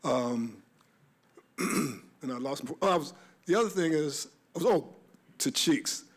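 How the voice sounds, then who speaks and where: A man's voice: a little high, lively intonation, unhurried, husky. A man, a DJ on a discussion panel, telling stories in a rambling, reminiscent way with many restarts.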